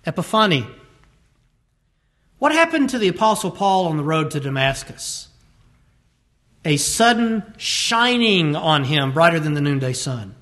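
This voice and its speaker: A man preaching a sermon, stressing key words by slowing down and speeding up between phrases. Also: high voice, sharp tone. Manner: emphatic, varies pace to stress words.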